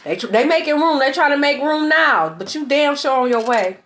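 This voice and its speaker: A woman's voice: sits high, expressive, fairly quick, fairly bright tone, slight background noise. A young woman tarot reader ranting in a blunt, profane, repetitive monologue. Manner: blunt, profane, repeats herself.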